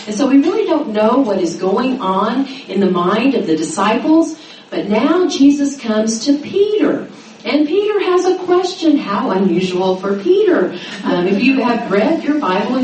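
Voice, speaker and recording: A middle-aged woman teaching a sermon to a women's gathering, acting out the quoted voices with lively pitch. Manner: animated, dramatizing quotes with rising pitch. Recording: roomy echo, mic at a distance, faint noise.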